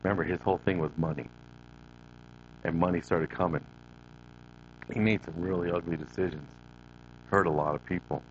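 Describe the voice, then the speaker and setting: Middle-aged man, very low voice, personal testimony, speaks to the crowd, dull lo-fi sound with faint hum. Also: steady tone, normal speed, pauses often. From Northern California. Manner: storytelling, addresses the audience, voices his younger self.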